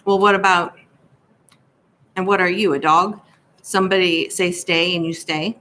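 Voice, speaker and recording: A woman's voice: on the low side, fairly even intonation, unhurried, bright, forceful tone. A woman voicing a stubborn, injured old man who speaks in a clipped folksy dialect and scolds the children. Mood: gruff.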